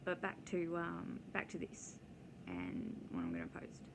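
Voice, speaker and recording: A woman chats casually for her vlog, drifting from one story to the next. Her voice sits a little low, with a gravelly fry, and she takes her time. A steady hiss of noise runs under the recording. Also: measured pace. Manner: rambling, digressive, with many ums. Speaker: vlogger. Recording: noisy background hiss.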